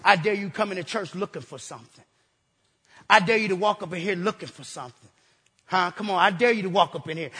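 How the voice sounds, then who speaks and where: Excitable preacher man, high husky voice. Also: fast, long reverb tail. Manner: excitable, repetitive call-and-response preaching. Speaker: pastor. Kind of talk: energetic sermon. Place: church sanctuary.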